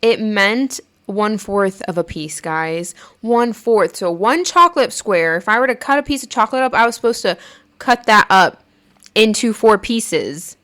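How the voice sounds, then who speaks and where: A woman's voice: mid-range voice, animated, normal speed, a bit bright. A woman hosting her own podcast, telling a personal story in a chatty way, full of "like" fillers and laughing while she talks. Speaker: podcast host. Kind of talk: casual storytelling monologue.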